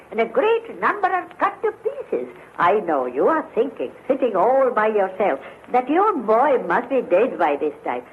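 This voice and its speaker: A woman giving a dramatic, animated recitation of a narrative poem. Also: sits high. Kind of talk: expressive poetry recitation. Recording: tinny phone-like recording with faint hiss.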